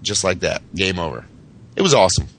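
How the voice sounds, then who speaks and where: Low-voiced guy from massachusetts, podcast host, swearing his way through a brag story. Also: very animated, brisk, vocal fry, a bit bright. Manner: profane, boastful storytelling.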